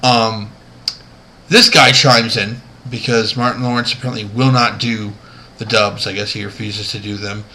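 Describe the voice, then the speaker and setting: Man with a sharp, bright voice, talking casually and rambling as he counts down a list. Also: lowish voice, flat delivery, normal speed, a little hiss or hum, low-quality recording. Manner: chatty, rambling, amused, many fillers. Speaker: vlogger ranking movie moments. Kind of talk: casual video commentary.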